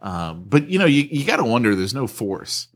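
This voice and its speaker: A man's voice: medium pitch, sing-song, moderate pace. A man co-hosting a podcast, giving blunt opinions in casual chat. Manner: blunt, opinionated, laughs often. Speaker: podcast co-host.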